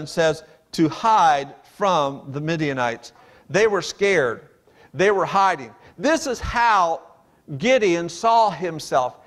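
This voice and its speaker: A man preaching a sermon, reading scripture aloud and explaining it in an earnest, emphatic way. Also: sits high. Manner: reads King James verses aloud and explains them.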